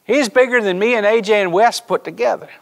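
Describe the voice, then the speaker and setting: Guy preaching in church, pretty high voice, tells stories and keeps asking the room if they're with him. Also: brisk, creaky. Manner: storytelling preacher, animated, addresses congregation directly. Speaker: pastor. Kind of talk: sermon. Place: church sanctuary.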